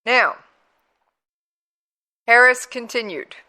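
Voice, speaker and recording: A woman talk radio host with a bright, forward tone and an unhurried delivery. She talks in a conversational, emphatic way, leaning on pauses for effect. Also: on the high side. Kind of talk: talk radio commentary with played clips.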